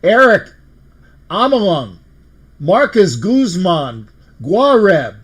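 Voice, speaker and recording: A man's voice: sits high, big pitch swings, takes it slowly, breathy edge. A man hosting a fan call-in livestream, emotional and exuberant, often repeating himself. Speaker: show host.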